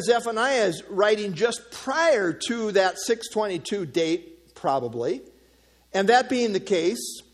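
A man preaching an expository sermon, teaching earnestly from scripture with informal asides. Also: high voice. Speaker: pastor.

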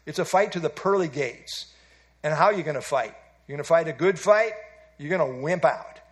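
A man's voice: a little high, animated, normal speed. An older man giving an evening Bible teaching as a preacher, folksy and self-deprecating as he tells stories.

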